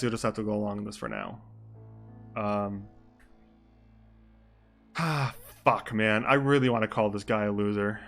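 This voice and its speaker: A man's voice: lowish voice, a bit bright. A young man streaming a role-play, narrating and reacting in a self-mocking, casually swearing way.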